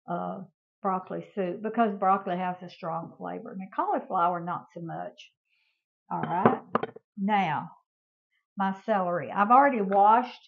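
A woman's voice: medium pitch, lo-fi sound. Chatty older woman cooking. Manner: chatty, homey, addresses viewers as y'all. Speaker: cooking show host. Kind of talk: casual cooking demonstration.

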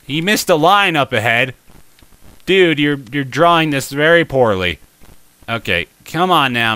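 A young man giving let's play commentary, excitable and talking to the game, with frustrated exclamations and laughs. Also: medium pitch, clear, resonant tone. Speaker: gameplay commentator.

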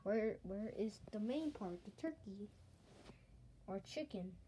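A woman performing a playful toy skit, excitably switching between character voices. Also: mid-range voice, slow pace, background noise.

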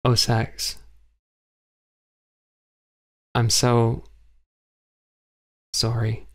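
A man's voice: animated, a little slow, a bit bright. A man reading an audiobook, voicing an anxious, apologetic young woman in a raised voice. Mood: upset, apologetic. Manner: high, upset, apologetic.

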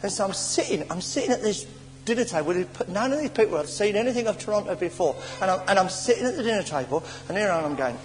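An English man preaching a sermon in a church, telling stories with animated stammers and sighs. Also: high-pitched, fast. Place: church hall. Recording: old church sermon tape in a reverberant hall with faint hiss.

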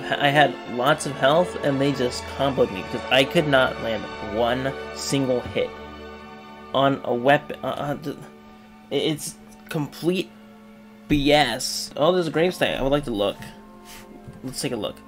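A young man giving casual, rambling commentary over a retro game, swinging from mumbling asides to loud excited outbursts. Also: medium pitch, unhurried, faint music behind. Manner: rambling, excitable, yelps and laughs when the game goes wrong. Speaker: gaming video creator.

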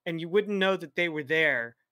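A man's voice: fairly high pitch, expressive, normal speed, sharp tone, dry recording, studio quality. A polite man calling in to a casual chat, talking hesitantly with many fillers. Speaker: caller.

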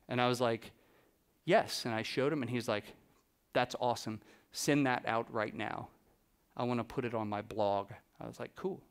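A man giving a talk to an audience, telling lively anecdotes and acting out the dialogue with a laugh now and then. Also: medium pitch, clean tone. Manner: animated anecdotes, acts out dialogue, laughs often. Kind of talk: storytelling presentation to a live audience.

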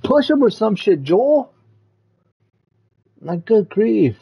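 A man streaming a video game, swearing, yelling and pleading at the screen in frustration. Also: high-pitched, big pitch swings, takes it slowly, vocal fry, breathy edge, lo-fi sound. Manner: profane, yells and pleads at the game. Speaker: gamer streamer. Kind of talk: live gameplay commentary.

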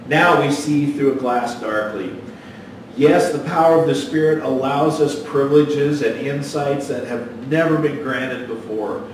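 A man's voice: mid-range voice, heavy reverb, recorded from a distance, a little hiss or hum, rough recording. A man preaching a sermon as pastor, folksy and storytelling, with a joke that he acts out in voices. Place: church sanctuary.

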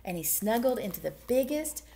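A woman who is a children's librarian, reading picture books aloud in an animated, sing-song way that often drops into whispers. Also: a little high, brisk. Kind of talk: storytime read-aloud.

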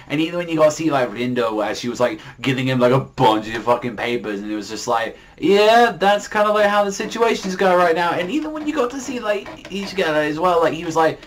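A man's voice: medium pitch, animated, fairly quick, hardly any pauses. A man giving a casual spoken review of a manga chapter, talking loosely in slang with lots of swearing and fillers.

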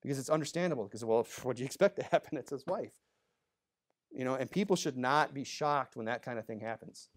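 A pastor preaching a sermon in a church, talking conversationally with many asides, moving between emphatic bursts and low, quiet remarks. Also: male voice, expressive, quick pace. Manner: conversational, full of "you know" asides.

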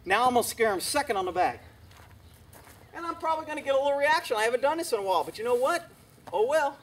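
A man's voice: extremely high pitch, lively intonation, fast, fairly bright tone. A man working as a horse trainer, talking bluntly and sarcastically as he demonstrates outdoors with horses. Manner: brash, sarcastic, scolding. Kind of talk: blunt instructional vlog talk.

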